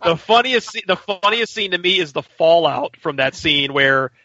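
A man co-hosting a podcast in casual chat, joking crudely and quick to jump into impressions. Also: on the high side, lively intonation, bright, forceful tone, no echo. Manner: jokey, crude, jumps into impressions. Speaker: podcast co-host. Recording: dull lo-fi podcast audio.

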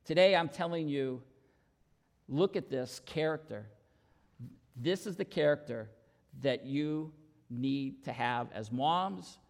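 Male pastor, sermon; earnest storyteller, somewhat high-pitched and gravelly. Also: takes it slowly, pauses often. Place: church sanctuary. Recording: long reverb in church hall.

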